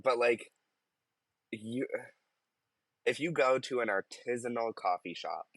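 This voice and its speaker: A young man co-hosts a casual podcast, talking slowly and wryly as he drifts into tangents. His voice sits at an ordinary pitch and sounds close and dry, with no room around it. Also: a bit bright, no echo. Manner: unhurried, wry, trailing into tangents. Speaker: podcast co-host. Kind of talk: casual chat.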